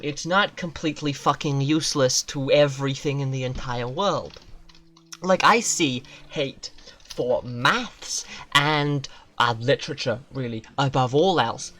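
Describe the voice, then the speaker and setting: Game streamer, casual profane rants, mid pitch, animated swoops in delivery. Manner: profane, ranting, self-mocking. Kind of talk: casual gaming-stream rant.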